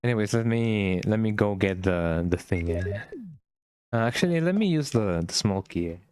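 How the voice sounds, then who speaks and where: A man's voice: fairly low pitch, animated, moderate pace, a little mellow, clear, resonant tone, no echo, clean studio sound. A young man, casually commenting as he plays a game and rambling on with "eh?" tags. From Mexico. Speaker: gaming streamer.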